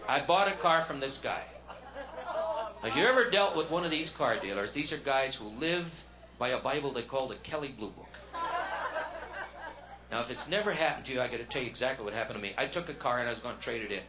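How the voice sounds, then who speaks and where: A man's voice: mid-range voice, expressive, fast talker. A man performing stand-up comedy live in a casino showroom, telling stories with wry, punchy delivery. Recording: dull lo-fi 1970s live record, loud hiss.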